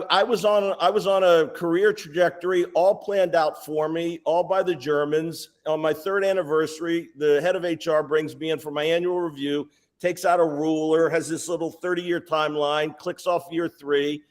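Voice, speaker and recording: A man in his sixties, a sales executive guest, telling lively anecdotes in an interview. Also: fairly high pitch, normal speed. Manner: animated, anecdotal, lists details. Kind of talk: storytelling interview answers.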